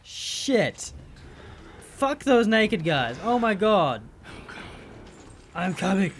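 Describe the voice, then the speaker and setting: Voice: medium pitch, very animated, very slow, a little hiss or hum. Gamer swearing through a horror playthrough. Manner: profane, exasperated running commentary; yells at the game in bursts. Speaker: let's play gamer. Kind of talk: live gameplay commentary.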